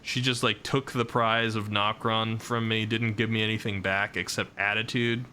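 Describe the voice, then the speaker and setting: Bright-voiced man chatting through a game. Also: fairly low pitch, level tone, normal speed, a little hiss or hum. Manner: chatty, reacts aloud and answers chat. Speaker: streamer. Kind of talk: live gameplay commentary.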